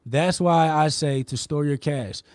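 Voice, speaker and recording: A man's voice: fairly high pitch, no room sound, clean studio sound. A man hosting a podcast, debating insurance with passion and insisting on his point. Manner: passionate, insistent, explaining rapidly. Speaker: podcast host, insurance promoter. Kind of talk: heated debate.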